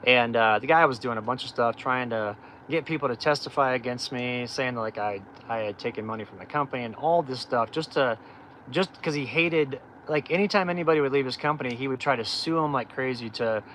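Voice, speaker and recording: A man's voice: mid-range voice, brisk, a bit bright, slight background noise, rough recording. A middle-aged man hosting a livestream, telling his life story in a candid, rambling way with lots of fillers and restarts. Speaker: off-grid channel host.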